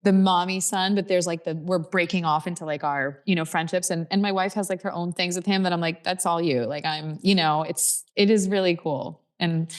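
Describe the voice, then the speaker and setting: A woman in her thirties, a podcast guest, telling stories in an animated, gushing way. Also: on the low side, normal speed, few pauses. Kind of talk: casual podcast conversation.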